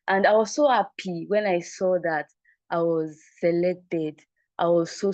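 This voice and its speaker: A woman's voice: fairly low pitch, a little mellow, no room sound. A young woman, a recent graduate, giving an upbeat, chatty testimonial on a video call. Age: young adult. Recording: dull lo-fi call audio.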